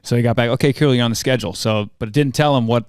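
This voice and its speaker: Man, forties, podcast guest, animated storytelling, mid-pitched, smooth clear tone. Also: very fast, no echo, studio quality. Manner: animated storyteller who acts out quoted dialogue. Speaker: podcast guest, former team mascot performer. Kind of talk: casual interview storytelling.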